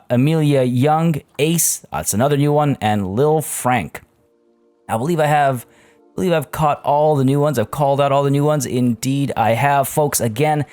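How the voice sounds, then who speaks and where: A man's voice: medium pitch, a little mellow. A man talking casually as a gaming YouTuber over a let's play, chatty and rambling with many fillers.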